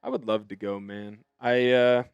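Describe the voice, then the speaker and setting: A man's voice: mid-range voice, steady tone, normal speed, clean tone, dry recording, lo-fi sound, soft background music. A man hosting a live sports stream, greeting chat viewers in an upbeat, chatty way. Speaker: host.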